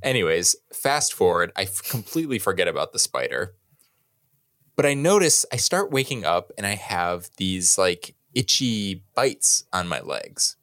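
A young man co-hosting a podcast, telling a long story in a casual, animated, self-mocking way and swearing freely. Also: sits low, normal speed. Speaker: podcast co-host.

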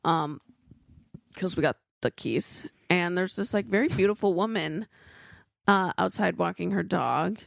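Woman podcast co-host, emotive rambling storyteller, low voice, dry close sound. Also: unhurried, creaky, dry recording. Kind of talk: casual chat.

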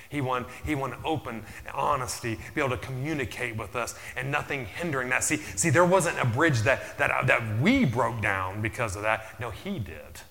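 A man preaching a sermon as pastor, repeating his phrases, dropping in "amen" often, and building to loud, emphatic peaks. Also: mid-range voice, creaky. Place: church sanctuary. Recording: long reverb of a large hall.

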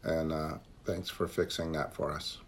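A man's voice: rumbling low, level tone, unhurried. A man leading a recovery meeting on a call, talking earnestly and repeating phrases for emphasis. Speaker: meeting leader.

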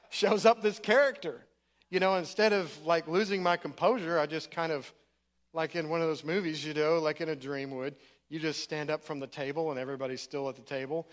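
A man's voice: a little high, steady tone, normal speed, fairly bright tone. A middle-aged man preaching in a church, telling his story in a casual, conversational way. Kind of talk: sermon testimony.

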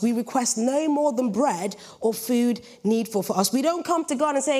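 A young British woman preaching a sermon with a lively, jokey storytelling manner. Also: high voice, fairly quick, hardly any pauses. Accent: British English. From Britain.

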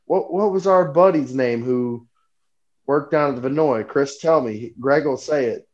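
A man from North Carolina co-hosting a live podcast, loud and profane, talking over the others in casual banter. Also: mid-range voice, a little slow, lo-fi sound. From North Carolina, USA. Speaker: podcast co-host.

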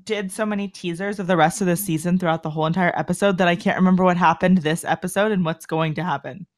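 A woman's voice: lowish voice, fast talker. A woman co-hosting a casual podcast chat, joking and quoting people in silly voices.

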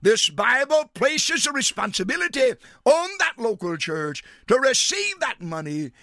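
Emphatic high-voiced radio preacher, man. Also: big pitch swings, measured pace, sharp tone, no room sound, clean studio sound. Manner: emphatic, preachy, lists numbered points. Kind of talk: radio sermon.

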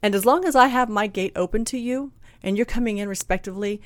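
A woman telling a personal story in a candid, blunt, animated way, acting out what people said. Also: medium pitch, fast talker, few pauses, no echo. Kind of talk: casual storytelling chat.

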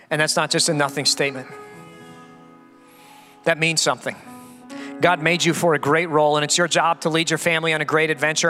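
A man, a pastor, preaching an emphatic sermon, rising for stress and dropping low for appeals. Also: fairly even intonation, fairly quick, pushed and bright, soft background music. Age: adult father of a young son. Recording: long reverb of a church hall.

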